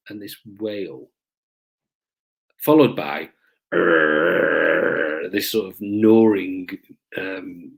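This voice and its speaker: A middle-aged man, casually recounting police stories to camera with frequent ums. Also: deep voice. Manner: relaxed, hesitant with frequent ums, acts out voices in stories. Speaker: police officer recounting his career.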